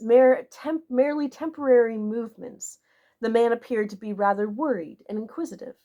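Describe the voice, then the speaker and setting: A woman narrating a classic novel in a measured, expressive way. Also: on the high side. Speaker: audiobook narrator.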